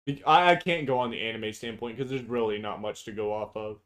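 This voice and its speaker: A man's voice: fairly low pitch, a little fast, a bit bright. A man co-hosting a casual chat, blunt and profane, opinionated and prone to long tangents. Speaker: podcast co-host.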